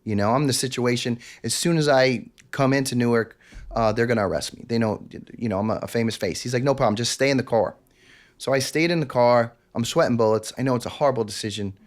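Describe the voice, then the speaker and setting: A man's voice: mid-range voice, quick pace. A man, telling a candid personal story as a podcast guest and acting out quoted lines. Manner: intense, confessional, acts out quotes.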